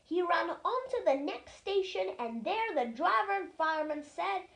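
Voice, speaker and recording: A reader tells a storybook aloud with lively, expressive delivery. The voice is high and swings widely in pitch. The pace is slow and deliberate. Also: creaky.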